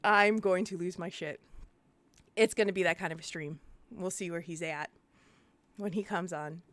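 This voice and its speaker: Excitable woman streamer, dry close sound. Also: fairly low pitch, moderate pace, no room sound. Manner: excitable, gushing, swears freely. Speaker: streamer and interview host. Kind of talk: casual live-stream chat.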